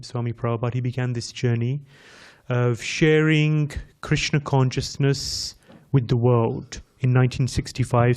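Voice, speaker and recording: Visiting English preacher, male, mid-pitched, easygoing sermon that draws in the crowd with questions. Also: a little mellow. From England. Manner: chatty, addresses the audience directly with questions. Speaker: visiting speaker at a temple class. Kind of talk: conversational sermon.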